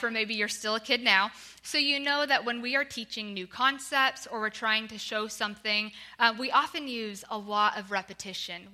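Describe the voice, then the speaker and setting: A young woman giving a sermon as a guest speaker, earnest and pleading, slowing down to stress key words. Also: on the high side, bright, forceful tone. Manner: earnest, pleading, slows for emphasis.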